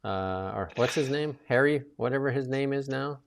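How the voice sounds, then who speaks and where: A man's voice: mid-range voice, normal speed, creaky, slight background noise. Rambling male talk-show host. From Canada. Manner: rambling, many restarts and fillers. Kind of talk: casual political chat.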